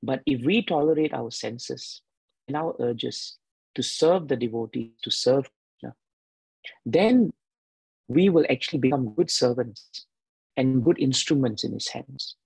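A man giving a devotional sermon with a husky voice, emphatic and repeating key phrases. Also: medium pitch, expressive, a little slow, darkish tone, no room sound, low-quality recording. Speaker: devotional speaker.

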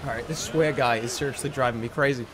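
A man's voice: medium pitch, fairly even intonation, fast, noisy background. A man in his thirties streaming a game, joking sarcastically with frustrated outbursts. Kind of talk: let's play commentary.

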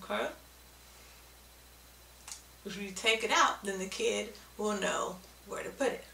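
A woman's voice: medium pitch, unhurried, gravelly, sharp tone, roomy sound, far from the mic, a little hiss or hum, poor audio. A woman giving a patient, step-by-step video lesson on speech sounds, often checking in with "okay?". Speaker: speech therapy teacher.

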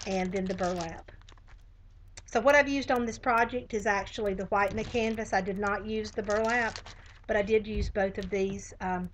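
A woman's voice: mid-range voice, a little hiss or hum, low-quality recording. A woman with a Southern US accent, chatting casually through a live craft tutorial with many fillers. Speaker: craft demonstrator.

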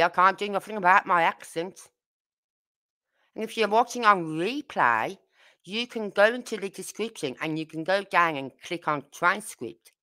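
A true crime channel host from Birmingham, England, speaks with a Brummie accent in a lowish, sharp voice. Her casual livestream chat is blunt and indignant, directed straight at her viewers.

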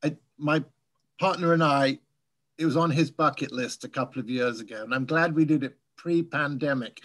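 A man from England whose English accent has softened over years in the US, a guest speaker telling relaxed, chatty stories in a Q&A over a video call. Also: on the high side, normal speed. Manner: relaxed, chatty storytelling with light laughs. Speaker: guest speaker, birding tour leader. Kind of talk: casual Q&A after a talk.

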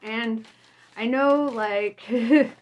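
A woman's voice: on the high side, drawn-out words. A woman vlogger reading her own written reflection in a casual, unpolished way. She is blunt and forthright, laughs often, and keeps checking in with the listener.

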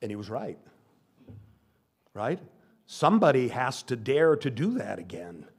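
A man's voice: medium pitch, very animated, a little slow, vocal fry, husky. An older male pastor giving a sermon, stressing and repeating key phrases. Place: church sanctuary.

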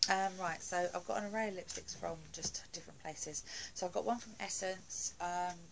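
A woman's voice: on the low side, normal speed, creaky, slight background noise, low-quality recording. A woman doing a casual beauty haul video at home, chatty and gushing, with lots of fillers and asides. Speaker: beauty vlogger.

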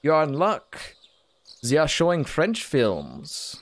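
A man's voice: fairly high pitch, wildly swooping pitch, slow, pitched above the performer's own voice, exaggerated voice. A man doing a chipper student in a mock German accent. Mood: cheerful. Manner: chipper, eager. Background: game music.

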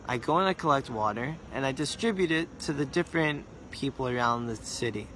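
A desperate poor water carrier pleads in a voice that climbs higher, as a male storyteller puts him on. His voice sits at a middle pitch. A faint hum runs underneath. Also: lively intonation, brisk, fairly bright tone, close to an everyday voice. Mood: pleading.

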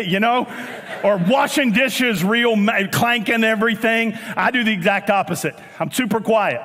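A man with a Southern US accent preaching a sermon as pastor, animated, with joking asides and bursts of shouting. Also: high voice, normal speed. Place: church auditorium. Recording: long church hall reverb.

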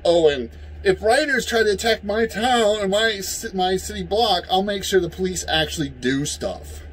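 A man from the United States in a heated, profane political rant, yelling at times. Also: high-pitched, animated, normal speed, a little hiss or hum, rough recording. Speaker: vlogger.

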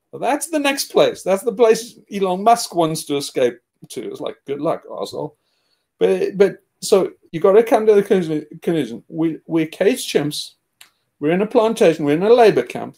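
A man with a high-pitched voice delivers a heated, profane rant as a podcast host. His tone is scornful and emphatic, and bursts of laughter cut through his talk. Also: a little mellow. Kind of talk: ranting discussion.

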